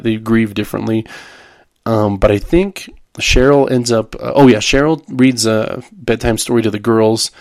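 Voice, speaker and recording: A man's voice: lowish voice, darkish tone, dry recording, studio quality. A man hosting a podcast, casually retelling a TV episode in a rambling way, with frequent ums and restarts. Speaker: podcast host.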